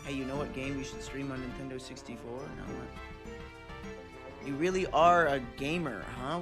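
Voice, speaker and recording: A man's voice: medium pitch, steady tone, normal speed. A man streaming, chatting casually with viewers, joking crudely and reading chat aloud. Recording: background music under voice. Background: game music.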